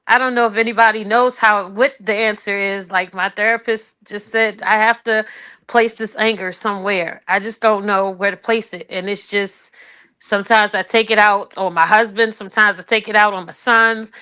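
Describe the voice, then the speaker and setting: A tearful woman speaking about her anger and loss in a halting, raw and emotional way. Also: mid-range voice, steady tone, bright, forceful tone, clear, resonant tone. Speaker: guest sharing her grief. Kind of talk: personal testimony on a call.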